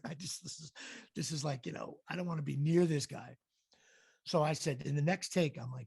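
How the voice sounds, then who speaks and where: Raspy, high-pitched animated male storyteller. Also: brisk, no echo, clean studio sound. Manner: animated storyteller acting out quotes. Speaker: actor and comedian guest. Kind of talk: storytelling in a casual interview.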